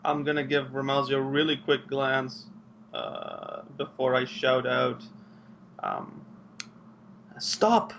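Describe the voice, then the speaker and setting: A man playing a tabletop game, calmly describing his character's actions. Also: mid-range voice, unhurried, vocal fry. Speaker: player. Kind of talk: casual tabletop play. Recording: dull lo-fi mic with faint hiss.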